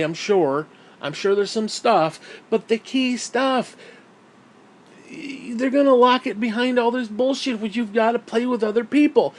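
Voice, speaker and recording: Fired-up man ranting about games, high voice. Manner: heated, profane, ranting. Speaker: gaming YouTuber. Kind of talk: angry gaming rant. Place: at home.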